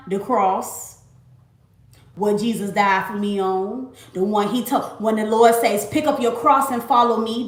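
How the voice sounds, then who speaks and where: Addressing her livestream viewers as "y'all", a late-twenties Miami woman shares her faith testimony in an insistent, repetitive, casual way. Her mid-range voice has a fairly bright tone, and the recording carries a roomy echo.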